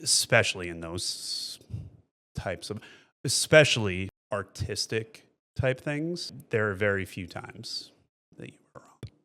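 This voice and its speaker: An analytical man co-hosts a casual TV chat and teases his husband now and then. His voice sits on the low side. He wants proof for what he believes. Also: animated, slow pace, pushed and bright. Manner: analytical, teasing. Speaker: podcast co-host.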